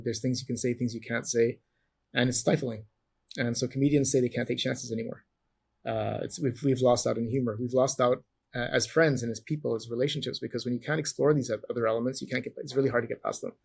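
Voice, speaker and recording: Guesting on an interview, a former champion wrestler from Canada, middle-aged, tells long stories, often restarting and correcting himself. He talks at a quick pace in a medium-pitched, fairly even voice that is creaky, husky and darkish.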